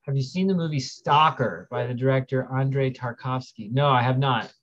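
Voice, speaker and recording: A man's voice: mid-range voice, normal speed, a bit bright. Rambling man hosting a casual stream. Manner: rambling, reads viewer questions aloud, frequent fillers. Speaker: livestream host. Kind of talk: casual livestream chat. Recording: dull lo-fi stream audio.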